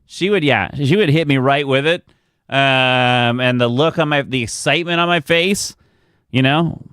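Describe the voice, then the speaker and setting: A man's voice: mid-range voice, expressive, a little slow, a bit bright, clean tone, no echo, studio quality. A man streaming live, chatting casually with viewers and telling rambling stories about his family with frequent chuckles. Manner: rambling storyteller, chuckles often.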